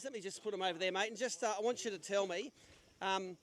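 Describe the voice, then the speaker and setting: A man's voice: sits high, fast, fairly bright tone. A man hosting a live fishing weigh-in, chatty and upbeat with jokey banter. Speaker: tournament weigh-in host. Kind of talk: live event hosting and quick interviews. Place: outdoor weigh-in stage at a sailing club.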